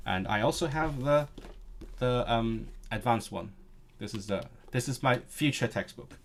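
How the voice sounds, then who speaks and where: A young man hosts a relaxed live stream and speaks at a middle pitch. He talks in halting bursts, full of fillers and restarts. His voice sits close on a desk mic. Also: slight background noise. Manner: hesitant, many restarts and fillers. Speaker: language streamer. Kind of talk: casual live-stream chat.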